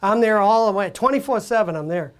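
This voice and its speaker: A woman's voice: medium pitch, lively intonation, fairly quick, lightly acted. A woman putting on a boastful male advertising executive with a New York accent, brash and emphatic.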